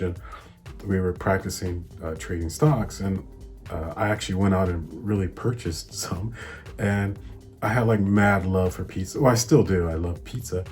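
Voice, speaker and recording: Chatty young man with a Hawaiian accent. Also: low voice. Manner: easygoing, chatty, laughs often. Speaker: investing channel host. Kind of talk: casual explainer vlog. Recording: soft music behind.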